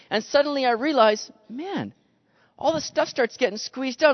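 Man, pastor, animated sermon, high-pitched, dry close voice, muffled lo-fi recording. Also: normal speed, creaky. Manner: animated, acts out quoted voices. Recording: dull lo-fi sound with long reverb.

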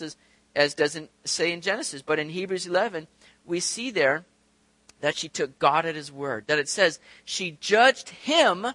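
A man preaching a sermon in a conversational, animated way, asking rhetorical questions and acting out the voices he quotes. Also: high voice, dry recording. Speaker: pastor.

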